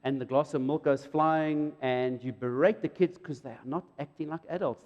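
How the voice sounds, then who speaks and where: A middle-aged man preaches a sermon, his fairly high voice leaping into loud emphatic peaks. The sound rings with the long reverb of a church hall. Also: moderate pace, hardly any pauses, muffled recording. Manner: animated, jumps to loud high emphasis and acts out quotes. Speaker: pastor.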